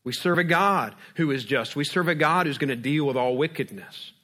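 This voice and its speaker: A man's voice: on the high side, moderate pace. Storytelling male pastor. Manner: lively storytelling, acting out scenes. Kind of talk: sermon.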